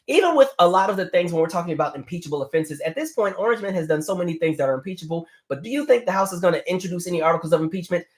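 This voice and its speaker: Fast-talking passionate man, fairly high voice. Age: 30s. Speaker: political commentary livestream host. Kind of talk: casual livestream commentary.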